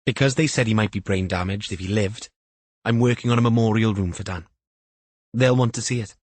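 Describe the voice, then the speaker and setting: A man voicing an odd, guarded young woman influencer in an audiobook, with flat, sarcastic delivery. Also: fairly low pitch, fairly quick, no echo, close to an everyday voice. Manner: flat sing-song sarcasm.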